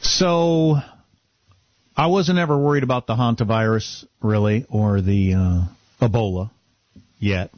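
A man co-hosting a radio talk show, wry and animated in casual conversation. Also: lowish voice, unhurried, long pauses, no room sound, dull audio. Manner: wry, animated, restarts a lot.

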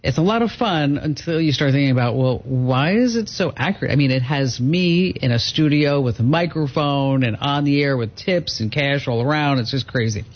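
A man hosting a call-in radio show, chatty and quick to laugh, giving advice to callers and reading ads. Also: mid-range voice. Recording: dull broadcast audio.

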